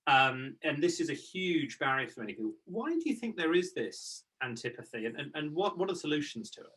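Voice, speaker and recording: Male moderator, fairly high and bright voice, reads audience questions with hesitant fillers. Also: very animated, a little fast, low-quality recording. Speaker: interviewer reading audience questions. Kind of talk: hosted Q&A.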